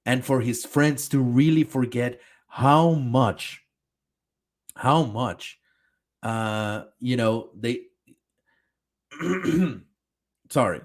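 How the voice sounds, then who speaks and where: A man's voice: medium pitch, extremely slow, long pauses. A man streaming a reaction, talking back at a video in a heated, profane, exasperated rant.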